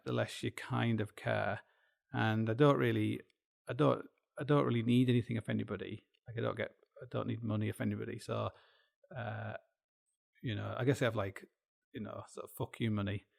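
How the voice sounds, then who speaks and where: Gravelly middle-aged Yorkshire man rambling. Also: mid-range voice. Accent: Yorkshire English. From Yorkshire, England. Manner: meandering, self-deprecating, with frequent restarts and asides. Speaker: podcast host. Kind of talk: rambling solo monologue.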